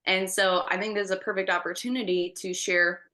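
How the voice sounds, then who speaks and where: A woman's voice: mid-range voice, flat delivery, a little fast, pushed and bright. A woman co-hosting a faith podcast, telling a story animatedly and acting out the voices in her retelling. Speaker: podcast co-host.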